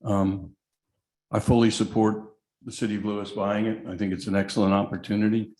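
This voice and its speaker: A man's voice: fairly low pitch, level tone, brisk, mellow. A man, a nearby property owner, giving a brief, plainly supportive public comment at a city hearing. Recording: echoey meeting room.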